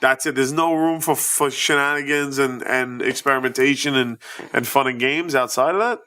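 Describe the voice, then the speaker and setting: A man's voice: medium pitch, pushed and bright. A man with a Staten Island accent co-hosting a podcast, arguing his point through in casual banter. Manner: argumentative, quick to reason things out. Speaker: podcast co-host.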